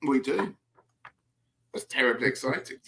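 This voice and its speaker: A man's voice: mid-range voice, lively intonation, normal speed, gravelly, a bit bright, slightly rough. A man chatting playfully as co-host on a livestream, giggly and showing cards on a video call. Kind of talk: casual livestream chat.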